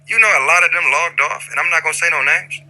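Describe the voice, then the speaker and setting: A man's voice: fairly high pitch, fast talker, pushed and bright, poor audio. A man leading an in-character roleplay chat, lecturing another player at length with repeated phrases and stammered restarts.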